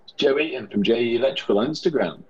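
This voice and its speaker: A British man co-hosting a comedy podcast, giving dry, deadpan replies in scripted pub banter. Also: mid-range voice, fast, breathy edge, lo-fi sound. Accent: British English. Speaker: podcast co-host.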